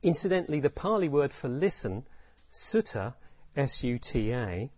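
A man's voice: medium pitch, very animated, moderate pace, darkish tone, dry recording. A man giving a reflective dharma talk as teacher, repeating phrases and asking rhetorical questions.

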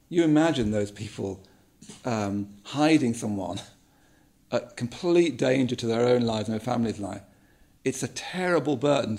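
A man gives a reflective talk, thinking aloud and circling back over his words. His voice is gravelly with a bit of fry, and it sits in a middling pitch. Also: darkish tone. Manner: musing, repeats words, many ums. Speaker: speaker giving a talk.

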